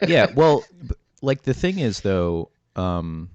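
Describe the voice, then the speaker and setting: Deep-voiced rambling male podcast host. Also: big pitch swings, smooth, no echo, highs cut off. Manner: rambling, filler-heavy, quick to laugh. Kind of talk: casual podcast chat.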